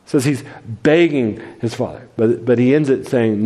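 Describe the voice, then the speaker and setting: A man's voice: mid-range voice, lively intonation, moderate pace, few pauses, warm tone, slightly rough. A man preaching a sermon as pastor, earnest and full of restarts. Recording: long hall reverb.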